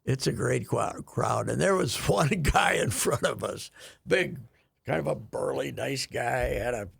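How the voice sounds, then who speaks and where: A man's voice: mid-range voice, expressive, unhurried, fairly bright tone. An older man telling a rambling, chuckling story in casual radio chat, with frequent restarts. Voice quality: gravelly, husky. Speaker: radio show regular.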